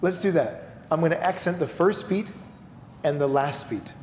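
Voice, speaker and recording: A musician sings out rhythm patterns in nonsense syllables and walks through how they fit the beat. His voice sits a bit high. The room is echoey, with a long reverb tail and clear background noise. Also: moderate pace, a little mellow. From New York. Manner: scats rhythms with syllables, explains patiently. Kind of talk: music lesson, vocalizing rhythms.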